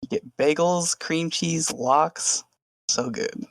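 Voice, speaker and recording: A man's voice: a little high, takes it slowly, vocal fry, dry recording. A man co-hosting a podcast live stream, rambling and laughing through a casual story with many fillers. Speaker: podcast co-host.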